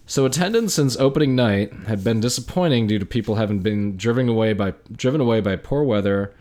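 A man co-hosting a casual podcast reads history notes aloud, adding dry, sarcastic asides in conversational storytelling. His voice is on the low side and dark in tone, moving a little fast.

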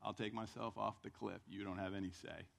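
A preacher acting out a calm, unafraid man who talks down a mob in a sermon. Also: lowish voice, a little fast, gravelly, pitched below the performer's own voice, heavily acted. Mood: calm defiance. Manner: calm and unbothered.

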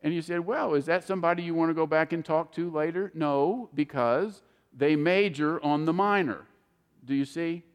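An older man preaches in a somewhat high voice, telling homely stories and acting out the people he quotes. His words ring out with a long reverb, as in a large hall. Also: normal speed. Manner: folksy storytelling, acts out quoted people. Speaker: pastor. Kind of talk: sermon.

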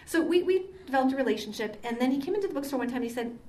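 A woman's voice: high-pitched, lively intonation, racing, darkish tone. An older woman, a Catholic sister, giving a conversational talk full of stories and frequent ums. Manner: chatty, storytelling, frequent ums. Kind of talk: conversational lecture with anecdotes. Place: meeting hall. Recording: echoey hall, mic far off.

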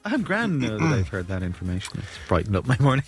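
A man's voice: fairly low pitch, sing-song, fast talker, slightly rough, faint music behind. A man, co-hosting a show, answering with dry, teasing quips. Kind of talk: casual chat.

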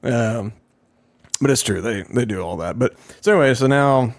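A man's voice: mid-range voice, moderate pace, dry recording, clean studio sound. A man co-hosting a podcast in casual chat, rambling and acting out quotes in raised voices. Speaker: podcast co-host.

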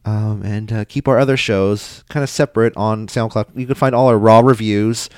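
Very low-voiced male host, loose jokey banter, dry close studio sound. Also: fairly even intonation, normal speed, smooth, no echo. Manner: loose, joking banter with fillers. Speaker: podcast host. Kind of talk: casual radio chat. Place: radio studio.

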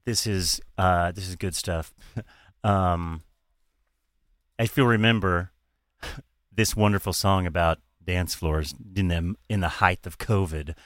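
A man's voice: low voice, slow pace, long pauses, a bit bright, no room sound, studio quality. A man hosting a podcast in casual chat, laughing often and swearing freely as he talks. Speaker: podcast host.

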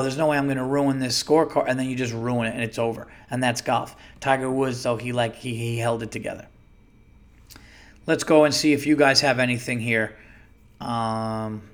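A man hosting a casual solo podcast, rambling and joking crudely as he reads listener emails aloud. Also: medium pitch. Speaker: podcast host.

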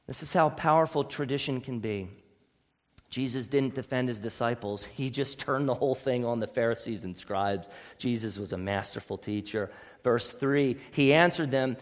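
A male pastor with a mid-range voice preaches a sermon emphatically, swinging between loud declarations and quiet asides. The recording carries a long hall reverb.

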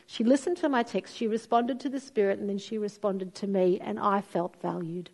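A woman's voice: medium pitch, normal speed, vocal fry. A middle-aged woman, preaching a sermon and telling stories expressively. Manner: storytelling, expressive, acts out quoted voices.

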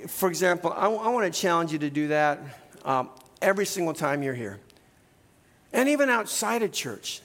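A middle-aged male pastor preaching in a church, in a relaxed conversational way, often tagging "right?" onto his points. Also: a little high, normal speed, big-room sound. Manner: conversational, keeps adding "right?". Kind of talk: sermon. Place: church sanctuary.

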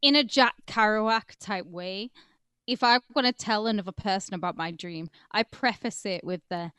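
A woman's voice: mid-range voice, lively intonation, normal speed, fairly bright tone, smooth, no room sound, studio quality. A woman co-hosting a podcast, trading bawdy jokes in casual banter and laughing easily. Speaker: podcast co-host.

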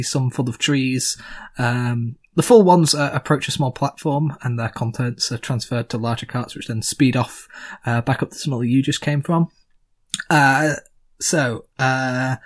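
A man narrating a tabletop game as game master, with many fillers and a rambling, descriptive delivery. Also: mid-range voice.

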